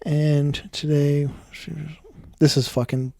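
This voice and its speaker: A man's voice: on the high side, little pitch movement, takes it slowly, darkish tone, no echo, studio quality. A man co-hosting a podcast, reading news items aloud with wry asides. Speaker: podcast co-host. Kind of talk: casual podcast banter.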